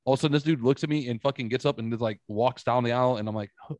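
A man hosting a casual podcast, telling stories in an animated way and swearing freely. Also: medium pitch, very fast, dry recording. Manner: animated storytelling, swears a lot. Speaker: podcast host.

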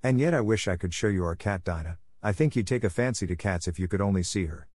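A man's voice: sits low, fast, a little mellow, dry recording, clean studio sound. A man reading the part of a polite, chatty little girl in a storybook, speaking earnestly. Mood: soothing.

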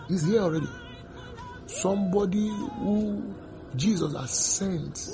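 A man preaching a sermon, repeating his phrases and breaking into sudden loud outbursts. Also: medium pitch.

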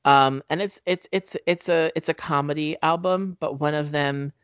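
A man's voice: on the high side, steady tone, normal speed, a bit bright, clean tone, no room sound. A man co-hosting a casual movie-review podcast, talking in a loose, rambling way with lots of "um" fillers. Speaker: podcast co-host.

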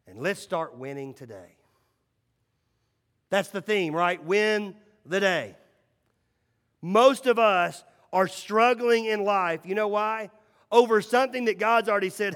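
High-voiced man preaching in an echoey hall. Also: lively intonation, moderate pace. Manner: storytelling, swings between loud and hushed. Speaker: pastor. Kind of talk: sermon.

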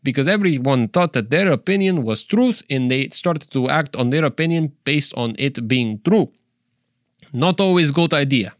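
A man doing a gruff Russian character who talks in choppy broken English with a thick put-on accent, pitched a little above his usual voice. The sound is dry and close, with almost no room on it. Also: animated, normal speed, dry recording, close to an everyday voice. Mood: stern. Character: blunt Russian man lecturing on truth.

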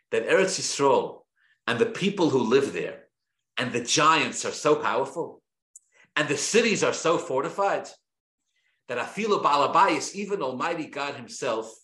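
Animated, bright-voiced man teaching a class. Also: mid-range voice. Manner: animated and emphatic, with rhetorical questions and restarts. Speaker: rabbi teaching a weekly Torah class. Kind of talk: lecture-style Torah class. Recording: roomy echo.

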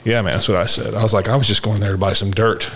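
Deep-voiced man telling a story. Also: breathy edge. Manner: relaxed, drawn-out storytelling with quoted dialogue. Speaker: host. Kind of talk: casual storytelling chat.

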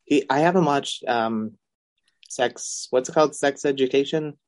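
A woman's voice: rumbling low, unhurried, darkish tone. A woman co-hosting a podcast in casual chat, curious and full of questions, recorded over a remote call. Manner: curious, asks many questions. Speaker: podcast co-host.

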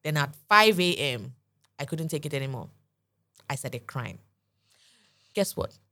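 Woman, 30s, podcast co-host, animated storyteller, lowish voice. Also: unhurried. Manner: lively storyteller acting out quoted dialogue. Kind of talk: casual storytelling chat.

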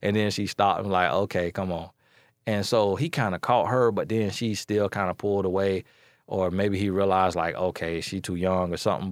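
A man talks bluntly about relationships in a casual, animated way, telling stories and repeating key phrases for emphasis. His voice sits low. The sound is dry and close. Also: dry recording. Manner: blunt, animated storytelling with voice imitations. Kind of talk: casual advice talk.

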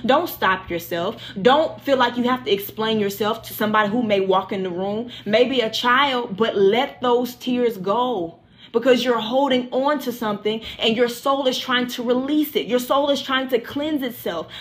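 A woman leading a livestreamed Bible study, preaching with passion, repeating phrases and praying aloud over her listeners. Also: a little high. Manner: impassioned, repetitive preaching with prayer.

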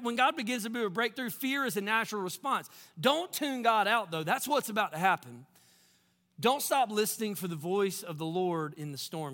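A man preaching a sermon in a church, very animated, swinging between loud bursts and hushed lines and acting out quotes. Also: high voice, long reverb tail. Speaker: pastor.

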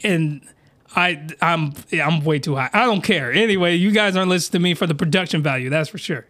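A young man hosting a podcast, rambling through a crude comedic recap and bursting into high shouts. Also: fairly quick, no echo, clean studio sound. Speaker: podcast host. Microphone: podcast mic, close.

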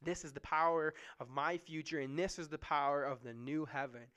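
A man's voice: on the high side, steady tone, normal speed, a bit bright. A man giving a conversational sermon as a pastor, often checking in with "right?".

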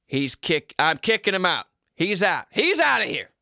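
A man voicing a gruff, old-fashioned middle-aged father who scolds in a low folksy drawl. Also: expressive, takes it slowly, pushed and bright, no echo, studio quality. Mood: ranting.

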